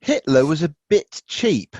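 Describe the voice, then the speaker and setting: A man's voice: a little high, very animated, unhurried, a little mellow, no room sound. A man co-hosting a podcast, joking around in casual banter. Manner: jokey, slips into silly put-on voices. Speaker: podcast co-host. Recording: dull dry lo-fi sound.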